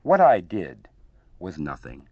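Man doing a gloomy old storybook donkey, ponderous, low voice, lo-fi old radio tape. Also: huge pitch swings, slow, breathy edge, soft background music, heavily acted. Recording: dull lo-fi archive radio recording.

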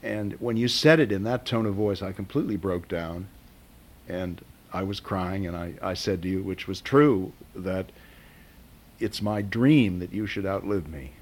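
A middle-aged man and father, slowly recounting a hard family memory with hesitant pauses and emotion. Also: low-pitched. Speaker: father of the patient. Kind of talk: personal storytelling.

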